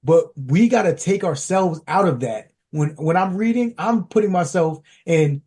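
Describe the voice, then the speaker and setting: A man co-hosting a casual podcast discussion, talking in an animated, slangy, emphatic way. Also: normal speed, hardly any pauses, husky. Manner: animated, acts out quotes with big pitch jumps. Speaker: podcast co-host.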